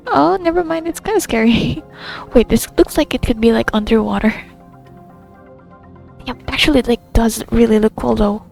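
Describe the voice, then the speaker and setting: A woman's voice: fairly high pitch, normal speed, creaky, darkish tone, soft background music. A young woman chatting casually to herself while playing a video game, giggly and talkative. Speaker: gamer playing a story quest. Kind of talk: casual gameplay commentary.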